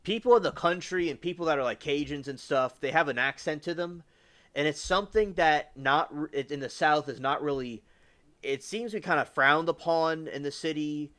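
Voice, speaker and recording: A man's voice: fairly high pitch, moderate pace, a bit bright. A man from the US South hosting a livestream, rambling casually with lots of fillers and restarts. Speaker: livestream host.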